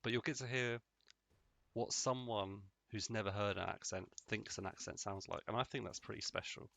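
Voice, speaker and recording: Bright-voiced man rambling over gameplay. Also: fairly low pitch, normal speed, creaky, dry recording. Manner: rambling, jokey, deadpan asides. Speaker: let's play host. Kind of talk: casual gameplay commentary.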